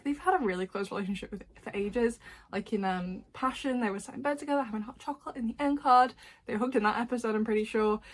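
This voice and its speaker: A young woman, chatting casually as a fan reviewer, laughing often and adding quick asides. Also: medium pitch. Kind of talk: casual chat. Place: dim room at home.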